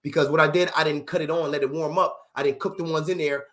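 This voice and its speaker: A man voicing a laid-back male friend who calmly explains odd household habits as if they were normal. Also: a little high, quick pace, pitched below the performer's own voice, natural voice. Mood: unbothered. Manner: matter-of-fact, unbothered explaining.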